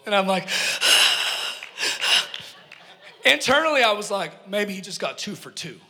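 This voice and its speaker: Bright, high-voiced man preaching in an echoey hall. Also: very animated, fairly quick. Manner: earnest, emphatic, joking asides to the congregation. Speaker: pastor. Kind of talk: sermon with personal storytelling.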